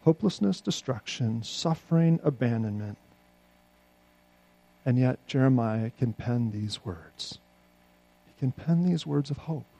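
A man preaching a sermon, swinging between loud, pleading outbursts and quiet, low asides. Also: gravelly, no echo. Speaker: pastor.

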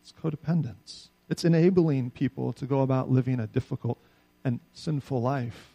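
A middle-aged man preaching a sermon in a conversational, animated way, often asking his listeners "right?". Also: mid-range voice, moderate pace, vocal fry, husky, lo-fi sound. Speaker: pastor.

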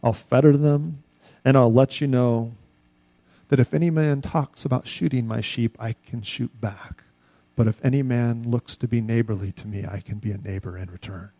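A gruff poor farmer, indignant and blunt, as a preacher puts him on. He speaks low and slow with clipped lines. The voice is mellow and sits dry and close. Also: fairly even intonation, no echo, dull audio, natural voice. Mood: grudging.

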